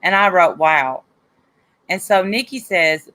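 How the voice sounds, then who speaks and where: A woman's voice: fairly low pitch, expressive, slow pace, long pauses, fairly bright tone. A woman hosting a live stream, casually retelling an online argument and reading the comments aloud. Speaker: host of a live stream show.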